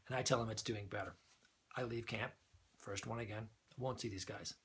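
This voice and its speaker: A man telling a funny anecdote in a casual, animated way, chuckling as he goes. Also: lowish voice, moderate pace, slight background noise. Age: older than the usual young adult. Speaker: storyteller.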